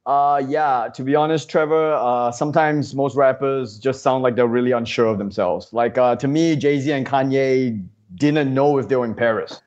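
Playing a comedy news correspondent in scripted banter, a man rants indignantly and packs his speech with "uh" fillers. His voice is medium-pitched and darkish, at a moderate pace, with the highs cut off.

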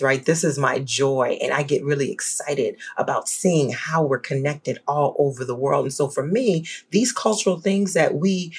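A woman with a New Orleans accent, speaking as an academic guest in a casual panel discussion, emphatic and animated, often checking in with "right?". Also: low voice, slightly rough. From New Orleans, US South.

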